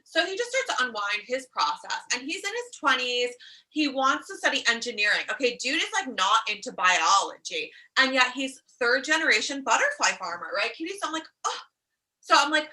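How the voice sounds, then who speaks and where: A woman's voice: a little high, very animated, fast, pushed and bright, far from the mic, rough recording. A woman life coach on a comedic live stream, talking in a sassy, profane way and calling her listeners darlings. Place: outdoors in a warm country. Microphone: phone live stream.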